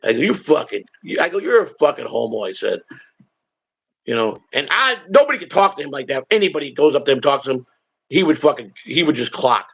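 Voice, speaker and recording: A male host rambles through a casual story on his stream, blunt and full of swearing. His fairly high voice is gravelly and husky, with a rough fry under the words. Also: very animated, fast, a bit bright.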